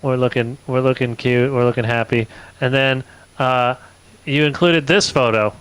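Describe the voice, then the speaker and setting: A man's voice: mid-range voice, fairly even intonation, normal speed, a bit bright, smooth, no room sound, poor audio. A man in his forties co-hosting a casual comedy chat, laid-back and chuckling. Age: 40s. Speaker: co-host.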